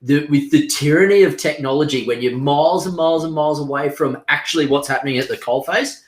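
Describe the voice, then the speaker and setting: A man's voice: on the high side, quick pace, reverberant, rough recording. A man with an Australian accent, a property coach and former soldier, chatting bluntly in a casual live Q&A. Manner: blunt, chatty, uses slang. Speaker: property coach, military veteran.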